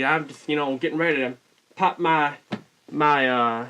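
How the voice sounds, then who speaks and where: A man telling a rambling, mock-folksy comic story in a put-on Southern US drawl, deadpan and constantly correcting himself. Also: a little high, measured pace. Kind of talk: deadpan comic character monologue.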